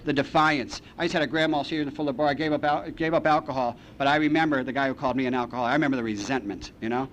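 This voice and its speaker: Man, meeting speaker, animated storyteller, slightly high voice, faint background rumble. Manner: animated storyteller, acts out phone calls, repeats lines for rhythm. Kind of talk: storytelling talk to an audience. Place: meeting hall. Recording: archival talk recording with faint rumble.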